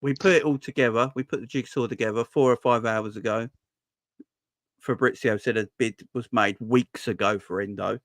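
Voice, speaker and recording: A man's voice: medium pitch, fairly even intonation, normal speed, no room sound, studio quality. A man hosting a casual football fan livestream, chatty and joking, often restarting his sentences. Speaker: fan channel host. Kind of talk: casual live stream chat.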